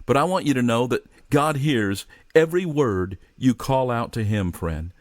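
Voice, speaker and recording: A man preaching a sermon as a pastor. He reads scripture slowly and earnestly, and his voice drops softly at the ends of phrases. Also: medium pitch, expressive, no room sound, clean studio sound. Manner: earnest, slows down for scripture readings.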